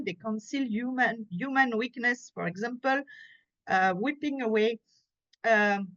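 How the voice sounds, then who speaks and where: Woman, French accent, academic paper read aloud, measured and careful, slightly high pitch, dull lo-fi recording. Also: a bit bright. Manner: careful, measured reading with small slips and self-corrections. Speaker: conference speaker. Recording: muffled, lo-fi conference audio.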